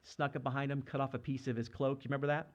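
A man's voice: medium pitch, flat delivery, very fast. A man in his thirties or younger preaching a sermon, earnest and conversational, often asking the congregation questions. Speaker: pastor.

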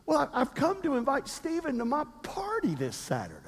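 A man's voice: very high-pitched, huge pitch swings, fairly quick, big-room sound, pitched above the performer's own voice, heavily acted. A man doing a timid little girl. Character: shy upset little girl neighbor.

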